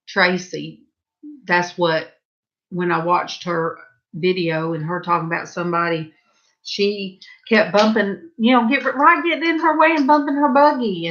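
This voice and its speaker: Southern woman, middle-aged, unhurried rambling storyteller, muffled lo-fi sound. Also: medium pitch. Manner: rambling, chatty, lifts her voice brightly when quoting herself. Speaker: vlogger. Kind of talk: casual storytelling.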